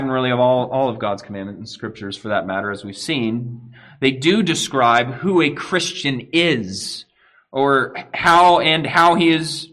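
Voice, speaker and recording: A pastor preaches a sermon to his congregation, speaking earnestly. His voice swells at key points, then drops to a quiet, low emphasis.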